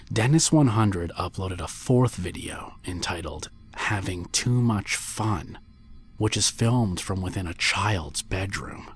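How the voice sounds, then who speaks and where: A man reading a scripted creepypasta horror story in a hushed voice that often drops to a near whisper. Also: low voice. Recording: faint music bed under voice.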